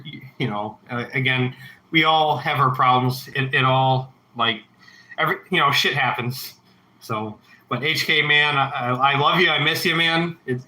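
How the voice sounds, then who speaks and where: Swearing, rambling livestream host in an echoey room. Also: male voice, medium pitch, sharp tone. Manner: rambling, heavy swearing, reads chat aloud. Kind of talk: casual livestream chat.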